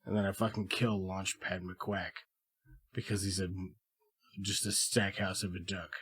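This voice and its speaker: A man's voice: sits low, little pitch movement, a little slow, a bit bright, breathy edge. A man co-hosting a podcast in casual chat, joking around with lots of swearing. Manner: profane, joking banter. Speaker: podcast co-host.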